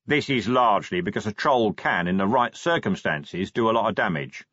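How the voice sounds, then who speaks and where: A man voicing a clever male troll who speaks quietly and patiently, like a school teacher. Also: lowish voice, lively intonation, slightly rough, no echo, highs cut off. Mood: calm, measured. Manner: measured, patient, lightly teasing.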